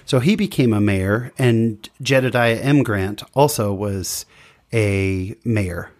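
A man's voice: fairly low pitch, slow pace, darkish tone. A man interviewing a guest in a casual chat, friendly and encouraging with joking asides.

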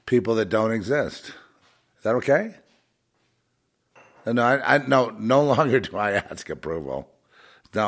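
Male speaker, unhurried, scornful spiritual talk; repeats himself for weight. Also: on the low side, creaky, fairly bright tone. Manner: blunt, repetitive, scornful asides. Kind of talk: unscripted spiritual monologue.

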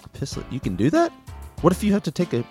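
A man's voice: on the high side, wildly swooping pitch, fast talker, darkish tone, faint music behind. A young man hosting a comedy podcast, fumbling through ad-read takes with swearing and frequent giggling fits. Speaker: podcast host reading an ad. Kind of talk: ad-read outtakes, casual banter.

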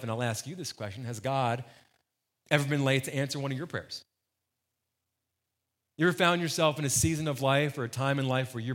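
A male pastor with a fairly high-pitched, fairly bright voice preaches a sermon, retelling a gospel story in a casual, joking way and acting out the characters.

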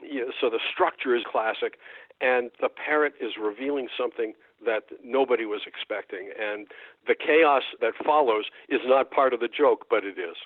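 A man, a folklorist, talking thoughtfully in a radio interview, often pausing and restarting. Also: mid-range voice, dry recording. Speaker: folklorist guest. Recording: dry tinny phone line.

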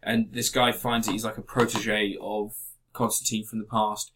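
A man's voice: fairly low pitch, flat delivery, moderate pace, fairly bright tone, slight background noise. A man in casual, sweary chat, giving blunt opinions on TV series.

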